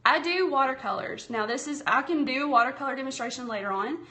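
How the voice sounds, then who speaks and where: This craft livestream host, a Southern woman from Tennessee, speaks fast in a slightly high voice during a relaxed painting tutorial streamed from her tablet app. She keeps up friendly chatter as she paints, reads viewers' comments, and calls them y'all.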